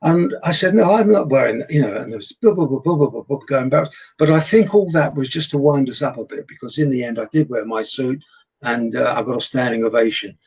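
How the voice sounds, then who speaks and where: A man's voice: medium pitch, a little fast, slightly rough, low-quality recording. An older English man, a veteran entertainer, telling showbiz anecdotes in a chatty interview and acting out the voices of people he quotes. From England. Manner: animated storyteller, acts out quoted voices. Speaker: guest entertainer. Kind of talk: anecdotal chat.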